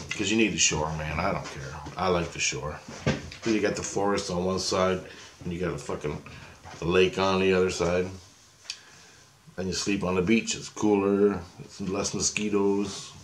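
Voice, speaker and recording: Deep-voiced middle-aged man rambling casually. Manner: rambling, chatty, peppered with slang and swearing. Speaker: storyteller recounting a past experience.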